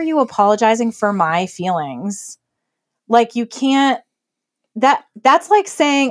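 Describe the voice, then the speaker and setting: A woman co-hosting a podcast, giving relationship advice in casual chat with an earnest, emphatic manner and quick laughs. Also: fairly high pitch, very animated. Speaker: podcast co-host.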